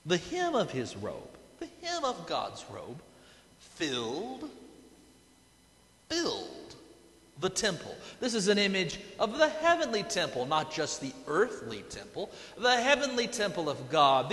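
A man's voice: high voice, huge pitch swings, unhurried, a bit bright. A man preaching a sermon, telling the story dramatically and tossing in playful asides. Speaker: pastor. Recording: echoey hall with long reverb.

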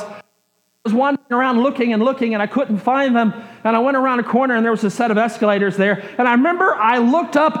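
A man with a high voice preaches, telling a personal story as part of a sermon. He takes his time, repeats phrases for weight and lets line endings fall soft and quiet. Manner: slow repetitive storytelling, trailing off quietly at phrase ends. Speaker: pastor.

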